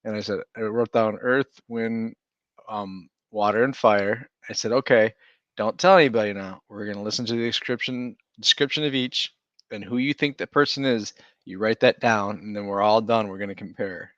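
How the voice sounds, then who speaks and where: A man's voice: lowish voice, moderate pace, fairly bright tone, no echo, dull audio. A man co-hosting a casual podcast, easygoing and rambling, chuckling as he talks. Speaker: podcast co-host. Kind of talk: casual chat.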